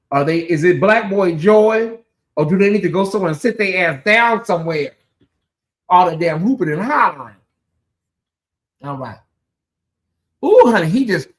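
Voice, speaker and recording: A channel host doing live reaction commentary with a sassy, gossipy way of talking, calling viewers "girl" and "honey" and swinging between loud exclaims and low asides.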